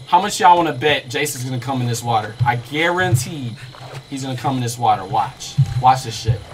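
A young man casually commentating his gameplay on a live stream, excitable and swearing as he talks to his viewers. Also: medium pitch, brisk, slight background noise. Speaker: gaming streamer.

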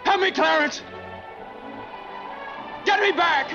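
An actor playing a desperate man who shouts and pleads, in a 1940s film scene. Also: extremely high pitch, takes it slowly, creaky, exaggerated voice. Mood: pleading desperately. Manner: shouting, pleading, then laughing wildly with joy. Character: desperate frantic man pleading to live again. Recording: dull old film soundtrack with music.

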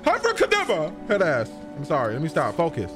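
A young man reacting to a video game as he plays, excitable and profane, with loud outbursts and banter. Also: medium pitch, fast talker, music in the background.

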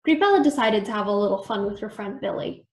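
A woman reading a children's book aloud in an expressive, animated way, recorded in a roomy space. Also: mid-range voice, fast talker. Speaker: storytime reader. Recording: roomy echo.

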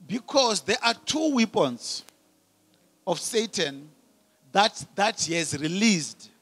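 A man preaching a sermon as pastor, asking the congregation questions and swelling from quiet teaching to loud calls. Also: high-pitched, sing-song, takes it slowly, husky. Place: church hall.

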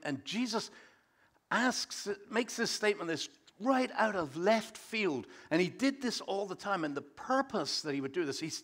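Brief: a pastor in church, pitched slightly high, chatty and animated. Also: male voice. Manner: conversational, animated storytelling. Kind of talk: sermon.

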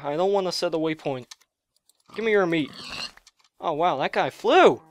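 Excitable gamer yelping through a let's play. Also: mid-range voice, normal speed, no echo. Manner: excitable, gasping and yelping at surprises; thinks aloud with fillers.

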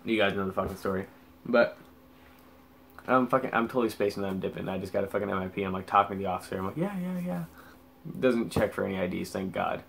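A man's voice: low-pitched, fairly even intonation, quick pace, creaky, a bit bright, slight background noise. A young man telling a story in a rambling, casual way, swearing heavily and filling gaps with "like". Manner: rambling, heavy swearing, lots of fillers. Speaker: vlogger.

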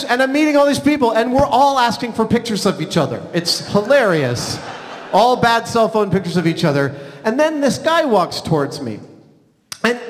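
A man in his forties telling funny stories live on a theater stage, animated and excitable, swinging between loud bursts and hushed asides. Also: high-pitched. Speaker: stage storyteller. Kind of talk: live comedic storytelling on stage. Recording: theater reverb, faint hall noise.

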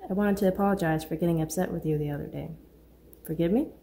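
A woman reading an audiobook, voicing a husband who speaks in a smooth, soothing, quietly controlling way. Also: fairly low pitch, fast, slight background noise. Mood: apologetic. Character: attentive, controlling young husband. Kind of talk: audiobook character voice.

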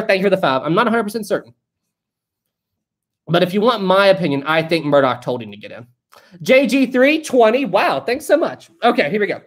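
A live-stream host chatting casually, reading viewer messages aloud, joking, laughing often and thinking out loud. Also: mid-range voice.

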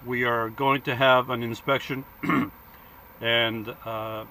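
A man's voice: medium pitch, little pitch movement, takes it slowly, noisy background. A man playing a bossy Air Force captain who blusters and stalls with fillers as he gives orders. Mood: blustering.

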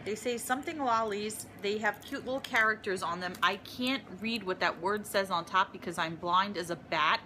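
A woman's voice: medium pitch, moderate pace, hardly any pauses, bright, forceful tone, slight background noise. A woman filming a casual unboxing vlog in her apartment, gushing and emotional over each gift. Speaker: vlogger.

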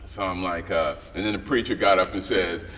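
Here a deep-voiced man in middle age, a writer-director, speaks a little fast while spinning stories for a casual interview. He's lively, performing the voices of those he quotes, and the recording has a somewhat far-off mic and faint noise behind him.

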